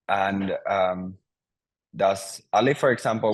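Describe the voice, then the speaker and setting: A man's voice: low voice, unhurried, rough recording. Patient male language teacher on a video call. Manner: patient, hesitant, many fillers and restarts. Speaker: Finnish teacher. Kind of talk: online language lesson over Zoom. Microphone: video call mic.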